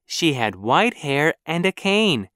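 A storybook narrator reading for learners, clear and measured, with a slow, unhurried pace. The intonation rises and falls in a lively way, and the sound is close and dry. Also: mid-range voice, no room sound.

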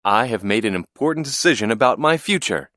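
A man voicing an eager young boy who loves airplanes, shouting with wide-eyed excitement. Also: medium pitch, a little fast, dry recording, studio quality. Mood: earnest.

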